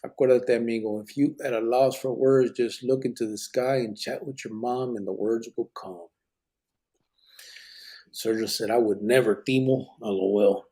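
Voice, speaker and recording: A man's voice: medium pitch, steady tone, moderate pace, mellow, breathy edge. A man hosting a casual live podcast, reading chat comments aloud in a laid-back way, swearing freely and dropping Spanish words.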